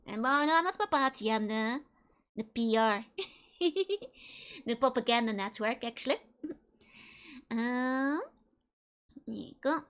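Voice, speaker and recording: A woman's voice: fairly high pitch, a little slow, long pauses, a bit bright. A woman streaming a horror game live, playful and giggly, greeting her chat one by one.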